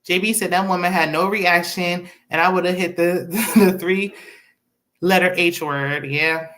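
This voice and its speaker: A young woman, casually recapping a movie with laughs and quick asides. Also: lowish voice. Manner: chatty, animated retelling with laughs and acted-out quotes. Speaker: movie review host.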